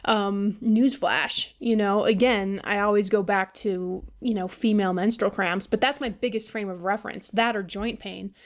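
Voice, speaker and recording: A woman with a mid-range voice hosts a podcast, delivering a casual monologue at a moderate pace with hardly any pauses. She vents animatedly, swearing a lot and laughing often.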